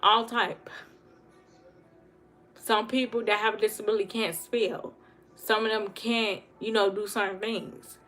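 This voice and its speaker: A woman talking fast and earnestly in a casual livestream monologue, repeating herself for emphasis. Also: medium pitch, little pitch movement, fairly bright tone, faint music behind. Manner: fast talker. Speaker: livestream host.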